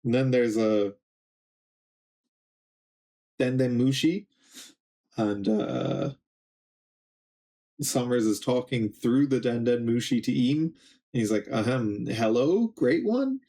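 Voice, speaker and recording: A young man streaming a live reaction, reading a comic aloud and reading its dialogue in his plain voice, in a casual, halting way. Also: medium pitch, warm tone.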